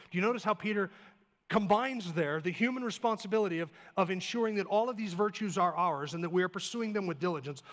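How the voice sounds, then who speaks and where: A male pastor delivers a sermon at a fast clip, his voice sitting a bit high. He drives points home with runs of short emphatic phrases, then drops into easy, joking asides. The sanctuary adds a long reverb tail. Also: fairly bright tone. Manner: emphatic, building lists of short clauses; plain conversational asides with light humor. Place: church sanctuary.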